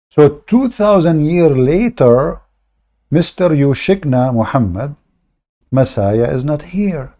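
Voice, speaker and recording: A man hosts a debate livestream in a gravelly, mellow voice. He talks in a mocking, sarcastic way, stopping often on fillers as he goes. His pitch sits in the middle range. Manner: halting, many fillers. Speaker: online debate host. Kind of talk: livestream commentary.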